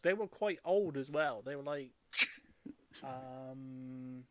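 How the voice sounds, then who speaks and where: A man's voice: mid-range voice, slow pace, dry recording. A man running a tabletop game who chats in a rambling way and laughs often. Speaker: dungeon master. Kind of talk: casual chat in a tabletop game stream.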